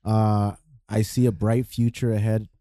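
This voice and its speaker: Chill guy hosting a podcast, low mellow voice, lots of ums, dry close mic. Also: flat delivery, dry recording. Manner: laid-back, halting, thanking listeners. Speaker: podcast host. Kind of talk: casual podcast chat.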